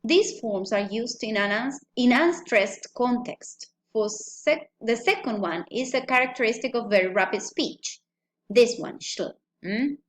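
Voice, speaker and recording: A woman teaching English pronunciation in a recorded lecture. She speaks deliberately and checks in with listeners using a questioning "mm?". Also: a little high, animated.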